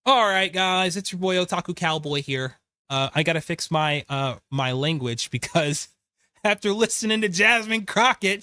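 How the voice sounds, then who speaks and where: A man hosting a show, giving casual political commentary, excitable, laughing often and talking back at clips. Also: a little high, moderate pace, no room sound. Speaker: show host.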